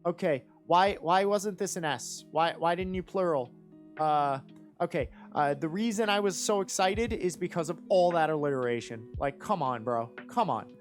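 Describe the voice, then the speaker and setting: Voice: medium pitch, moderate pace, soft background music. A judge talking through written rap verses live, enthusiastic and rambling, with lots of fillers and restarts. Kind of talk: live commentary and critique.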